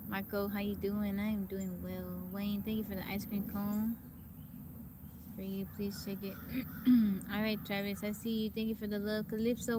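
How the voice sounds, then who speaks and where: Background noise runs under this woman's mid-range voice as she hosts a casual forest livestream. Chatty and friendly, she greets viewers by name and reads their comments out loud.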